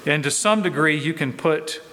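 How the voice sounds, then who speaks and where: A pastor preaching a verse-by-verse sermon, teaching in a conversational way and asking rhetorical questions. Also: male voice, fairly high pitch, moderate pace, bright, forceful tone, in a large hall. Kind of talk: expository sermon.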